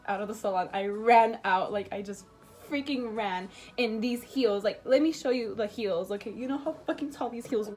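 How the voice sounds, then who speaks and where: A woman's voice: a little high, darkish tone. A young woman in her late teens telling a personal story in a casual vlog, full of "like" and swearing. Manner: casual, filler-heavy, swearing. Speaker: vlogger.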